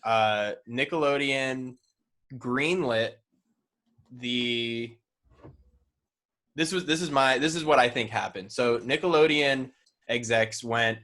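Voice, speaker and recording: A man co-hosting a casual podcast chat, telling stories in a loose, profane, animated way. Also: mid-range voice, slow pace, long pauses. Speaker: podcast co-host.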